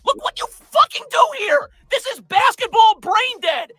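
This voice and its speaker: High-pitched yelling basketball analyst man. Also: big pitch swings, measured pace, no room sound. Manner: profane, exasperated, yelling. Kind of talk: heated film breakdown commentary.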